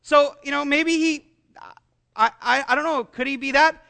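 A man's voice: extremely high pitch, steady tone, moderate pace, gravelly, bright, forceful tone. A man preaching a sermon as pastor, asking the congregation rhetorical questions and making self-deprecating asides.

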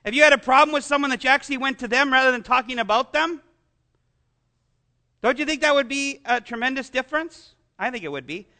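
A man's voice: very high-pitched, lively intonation, fast, sharp tone. A man preaching a sermon as pastor, asking the congregation rhetorical questions and making self-deprecating asides.

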